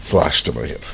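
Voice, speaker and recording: Deep-voiced laid-back guy. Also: creaky, background noise. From Canada. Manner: laid-back, laughing often, swearing, rambling with many likes. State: groggy after surgery. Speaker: fitness vlogger. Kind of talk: casual storytelling. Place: hospital room.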